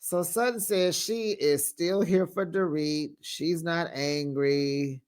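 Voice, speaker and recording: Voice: mid-range voice, slow, clean tone. A reality TV recap host giving casual, sassy commentary, laughing often and putting on voices for quoted lines. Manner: sassy, animated, frequent laughter; slips into quoted voices while retelling scenes.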